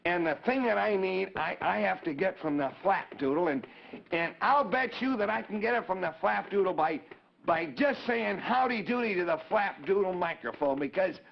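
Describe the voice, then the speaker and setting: A man's voice: high voice, expressive, moderate pace, creaky, heavily acted. A man voicing a cheerful, eager boy puppet who stammers and chatters earnestly. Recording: dull 1950s TV broadcast audio.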